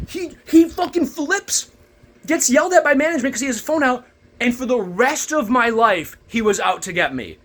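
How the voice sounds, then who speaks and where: Young male vlogger, husky and high-pitched, bitter and profane, rambling rant. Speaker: former warehouse worker. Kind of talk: angry rant to camera.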